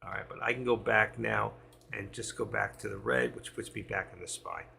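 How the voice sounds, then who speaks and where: Male streamer, very gravelly and bright-toned, reading prices aloud at a trading desk with faint noise behind. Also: lowish voice, steady tone, normal speed. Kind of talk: live trading commentary.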